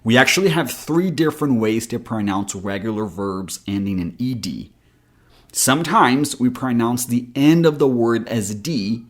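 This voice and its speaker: Slow, careful male accent coach. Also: medium pitch, expressive. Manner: slow, careful explanation with spoken examples. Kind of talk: pronunciation lesson.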